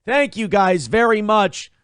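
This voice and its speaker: A man hosting a casual livestream, reading out donations and chatting with viewers. His voice swings from hyped shouting to low muttering. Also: expressive, a little slow, clear, resonant tone, no echo, studio quality. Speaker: livestream host.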